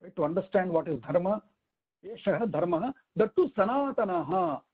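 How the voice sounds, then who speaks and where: A man teaching a weekly scripture class, explaining step by step with rhetorical questions and slow recitations. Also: high voice, lively intonation, slightly rough, narrow, tinny audio. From India. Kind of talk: weekly online scripture lesson.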